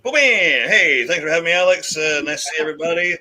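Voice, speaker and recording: A man's voice: on the high side, animated, fast talker, a crowd in the background. A man chatting upbeat and casually as a guest on a live video call, with playful exclamations. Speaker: guest on a live beer show. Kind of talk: casual live-stream chat.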